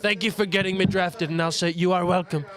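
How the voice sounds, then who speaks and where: A man doing an impression of a boastful older politician, talking in slow, repetitive, self-praising phrases. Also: sits high, steady tone, fairly bright tone.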